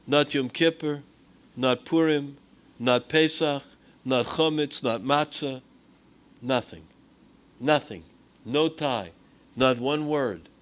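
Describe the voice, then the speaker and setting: A rabbi giving a sermon, telling a story with Hebrew and Yiddish words and swinging between loud emphasis and hushed tones. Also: male voice, on the high side.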